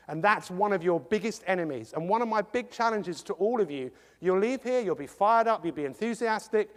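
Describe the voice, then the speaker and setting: An English man giving a jokey, animated motivational talk to a live audience, acting out quick impressions. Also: sits high, in a large hall. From England. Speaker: motivational speaker.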